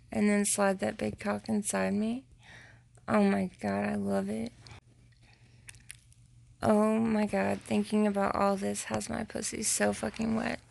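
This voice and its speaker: A woman recording an intimate voice message to her partner, talking in a slow, teasing way that slips into whispers. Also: gravelly, darkish tone. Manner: slow, low-key and teasing, slipping into whispers.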